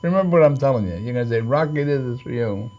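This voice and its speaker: A man's voice: medium pitch, expressive, fast, a little mellow. An older man, a boxing trainer and manager, telling long rambling stories in an interview, with many fillers and restarts. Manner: rambling, full of fillers and restarts, acts out quoted lines. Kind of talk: storytelling in an interview.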